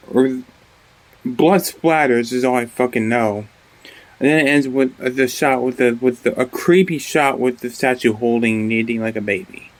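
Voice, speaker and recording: Rambling, swearing man reviewing a show. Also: mid-range voice. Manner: rambling, profane, with many restarts. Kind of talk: casual vlog review.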